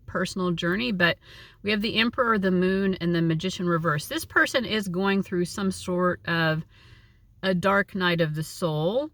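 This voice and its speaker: A woman's voice: fairly low pitch, fairly bright tone, dry recording. A woman giving a casual, chatty tarot reading, with a lot of likes and you knows. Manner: chatty, uses many fillers. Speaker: tarot reader.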